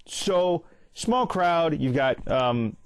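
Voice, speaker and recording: A man in his early thirties hosts a casual film recap, retelling scenes in a chatty, animated way. He acts out the characters' lines as he goes, and his pitch jumps up sharply whenever he gets excited. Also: extremely slow, smooth, no room sound. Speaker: movie commentary host.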